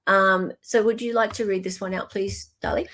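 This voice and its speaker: A woman's voice: medium pitch, steady tone, normal speed, fairly bright tone. A woman with an Australian accent hosting a live chat show, bubbly and giggly. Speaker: livestream host.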